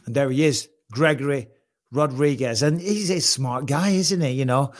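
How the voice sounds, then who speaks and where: Energetic joking male sports-show host. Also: medium pitch. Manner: energetic, jokey, quick topic shifts. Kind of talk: casual sports talk.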